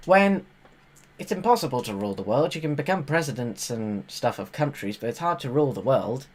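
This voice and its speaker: A woman live streamer reacts to a TV show with sarcastic, exasperated commentary, suddenly jumping into loud, high exclamations. Her voice is brisk, with big swings in pitch.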